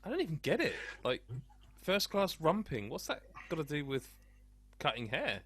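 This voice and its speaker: A man's voice: on the high side, wildly swooping pitch, moderate pace, a bit bright, faint music behind. A man hosting a casual podcast chat, who rambles, laughs often and talks over his co-hosts. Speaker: podcast host. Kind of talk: casual banter.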